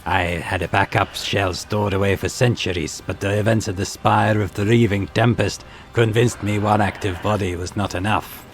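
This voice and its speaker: A man voicing an arrogant, scornful alien clone-maker scientist in a video game, reading the lines slowly and condescendingly. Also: fairly low pitch, fairly even intonation, natural voice. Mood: disdainful. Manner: haughty, condescending, slow and measured.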